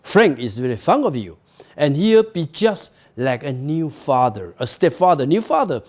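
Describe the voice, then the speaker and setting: A motherly woman reassuring a frightened girl, as a man reads her lines aloud in a lecture. The delivery is unhurried and soothing. The pitch moves up and down a great deal. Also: lively intonation, dark tone.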